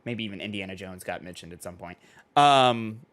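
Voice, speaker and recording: A man co-hosting a gaming podcast, chatting casually and retelling stories with animated, filler-heavy delivery. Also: fairly low pitch, brisk, clear, resonant tone. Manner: animated storytelling, lots of "like". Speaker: podcast co-host. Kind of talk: casual chat.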